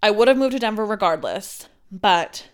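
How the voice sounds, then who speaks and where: A woman's voice: medium pitch, expressive, moderate pace, clean tone. A woman in her twenties hosting a podcast, telling a personal story in a candid, sweary way with frequent laughs. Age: 20s. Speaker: podcast host.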